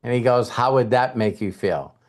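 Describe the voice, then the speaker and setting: A man's voice: medium pitch, normal speed. A man speaking as a motivational speaker, retelling a past conversation to an audience in a conversational way with emphasis. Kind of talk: storytelling speech to an audience.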